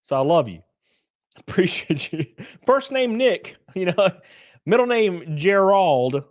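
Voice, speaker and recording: A young man streaming, ranting casually with lots of swearing, jumping between loud outbursts and low mutters. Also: big pitch swings, slow pace. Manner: profane, ranting, swings between loud and mumbled. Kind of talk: casual livestream chat.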